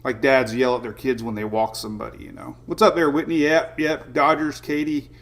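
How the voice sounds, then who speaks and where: A man's voice: medium pitch, level tone, a little fast, a bit bright. A man hosting a weather livestream in a casual, chatty way, greeting viewers by name and laughing often.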